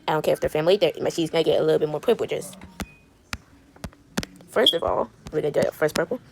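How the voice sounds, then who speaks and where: Sassy woman rambling while she colors, lots of vocal fry, keeps restarting her words. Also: deep voice, expressive, fairly quick, long pauses. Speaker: video creator. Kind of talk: chatty commentary while coloring.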